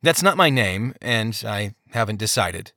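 A man's voice: on the low side, animated, unhurried, sharp tone, dry recording, studio quality. A man voicing a brash young card player who answers curtly and irritably. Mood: sly. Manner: curt, irritable.

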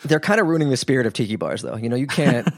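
A man with a mid-pitched voice, bantering casually on a podcast. He tosses in wry jokes and offhand asides, often teasing his co-host. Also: expressive, rapid-fire, vocal fry.

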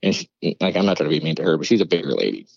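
A man's voice: rumbling low, big pitch swings, racing, creaky, darkish tone, no echo, dull audio. A man, a podcast guest, telling a story casually with loose swearing and rambling asides. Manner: swears freely, rambling retelling.

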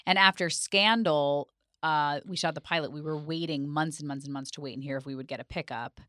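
A woman with a low, bright-edged voice tells long, rambling anecdotes in a casual podcast chat, full of fillers. The sound is dry and close. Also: a little fast, no echo. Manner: rambling, animated anecdotes with frequent "like". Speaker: actress, podcast guest.

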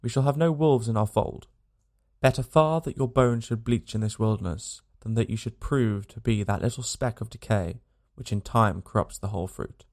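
A man's voice: on the low side, moderate pace, darkish tone, natural voice. A man voicing a stern male leader around thirty who speaks in grave, commanding tones.

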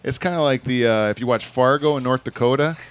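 A man's voice: medium pitch, fast, clear, resonant tone. A Canadian man with a Southern Ontario accent, hosting a casual group podcast chat, joking and rambling with frequent laughs. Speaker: podcast host.

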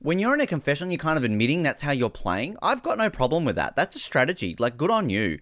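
A man co-hosting a casual podcast about a reality show, talking in an animated way and acting out quotes. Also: a little high, no room sound, clean studio sound. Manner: animated, quick to act out quotes. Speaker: podcast co-host. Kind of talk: casual chat.

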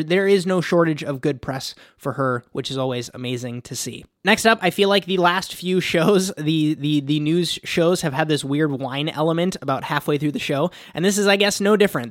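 A man's voice: a little high, fairly bright tone, no room sound, studio quality. Chatty man hosting a food news podcast. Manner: chatty, reads quotes aloud, goes off on tangents. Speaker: podcast host. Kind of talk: casual news commentary.

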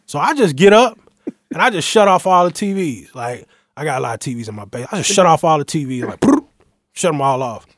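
A man telling a long story in casual chat, acting out the quotes with sudden loud, high outbursts. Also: a little fast, no room sound, studio quality. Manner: lively, acts out quotes with big jumps in pitch and volume.

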